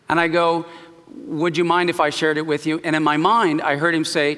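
Animated preacher man in a reverberant hall. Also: a little high, fast. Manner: animated storytelling, jumps between quiet and loud. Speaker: pastor. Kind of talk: sermon with personal story.

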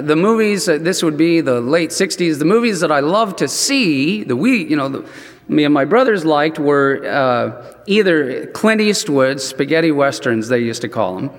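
A man preaching a sermon as a chatty personal story, animated and full of "you know" asides. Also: a little high. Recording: long reverb in a large hall.

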